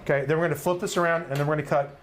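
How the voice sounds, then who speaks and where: A man's voice: on the high side, fairly even intonation, rapid-fire, background noise. A middle-aged man, host of a live cook-along, talking through his recipe in an upbeat, chatty way and often asking "right?". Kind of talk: live cooking demonstration.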